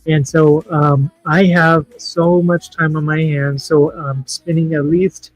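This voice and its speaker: A man hosting a livestream in casual chat, talking in an emotional, halting, heartfelt way. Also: on the high side, little pitch movement, dry recording, faint music behind, rough recording. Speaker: livestream host.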